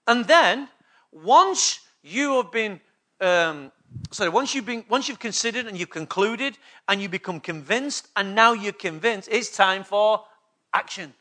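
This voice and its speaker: Bright, high-voiced preaching man. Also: lively intonation, takes it slowly, long pauses. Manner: emphatic preaching with repeated call-and-response questions. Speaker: pastor. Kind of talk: sermon.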